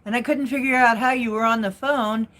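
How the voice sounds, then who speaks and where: Shrill frightened phone caller, high and pleading, insistent questions, as a woman storyteller acts her out. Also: fairly even intonation, fairly quick, a bit bright, lightly acted.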